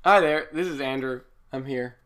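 A young man as a guest on a podcast, clowning around playfully in a deadpan way. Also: medium pitch, normal speed, crowd noise. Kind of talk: casual chat.

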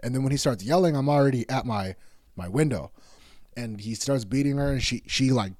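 A man's voice: mid-range voice, fairly quick, darkish tone, no room sound, studio quality. A man telling a rambling, heated story in casual speech, swearing often.

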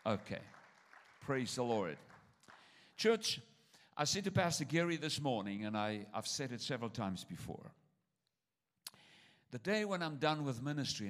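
Accented preacher with big swings in voice. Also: male voice, lowish voice. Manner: emphatic, swings between loud exhortation and quiet asides; speaks with a foreign accent. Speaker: traveling preacher. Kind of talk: sermon. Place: church service.

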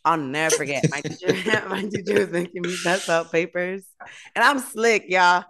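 A woman co-hosting a podcast, telling lively stories in casual chat and laughing often. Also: on the low side, normal speed, a crowd in the background. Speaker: podcast co-host.

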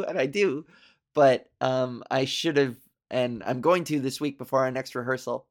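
A woman's voice: rumbling low, normal speed. A woman hosting a solo podcast in casual chat, telling stories with lots of swearing and self-deprecating asides, and acting out what people said. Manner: animated, swearing, self-deprecating storyteller who acts out quotes. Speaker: podcast host.

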